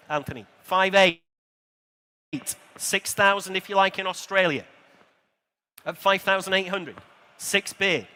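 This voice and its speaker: A man's voice: high voice, sharp tone. Man calling bids in a hall. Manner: brisk rhythmic bid calling with asides. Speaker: auctioneer. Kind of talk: live auction calling. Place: motor show sale room. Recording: reverberant large exhibition hall.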